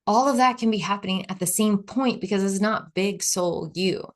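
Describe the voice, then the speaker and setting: A woman's voice: medium pitch, moderate pace. A woman hosting a solo podcast, chatting in a casual, reflective way and often saying "like". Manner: chatty, lots of "like", acts out quoted inner voices. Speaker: podcast host.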